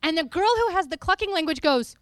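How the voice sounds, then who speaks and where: A woman preacher giving a lively, playful teaching talk to a congregation, often breaking into sung and spoken snippets. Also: extremely high pitch, a little fast, no room sound, studio quality.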